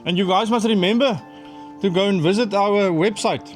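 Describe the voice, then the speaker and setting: Enthusiastic South African man, bit high-pitched, casual vlog chat over faint music. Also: moderate pace. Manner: chatty, enthusiastic, with hesitant repeats. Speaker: vlogger. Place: outdoors at a mountain cabin.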